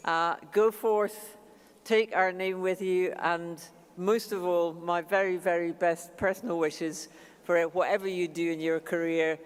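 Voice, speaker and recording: A woman's voice: fairly low pitch, fairly even intonation, measured pace, clear, resonant tone. A woman giving jokey closing remarks at a graduation ceremony in a large hall. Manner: warm, joking send-off. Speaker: college chair closing the ceremony. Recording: long reverb of a large hall.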